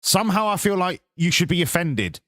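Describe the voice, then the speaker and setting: A man's voice: high voice, big pitch swings, a little fast, a bit bright, dry recording, clean studio sound. A man with an English accent streaming live, chatting casually and swearing while bantering with his viewers.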